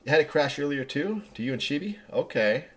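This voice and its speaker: A man streaming a game live, chatty and excitable, talking to viewers between moves. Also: fairly high pitch, brisk. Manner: chatty, excitable, laughs easily. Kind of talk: live gameplay commentary.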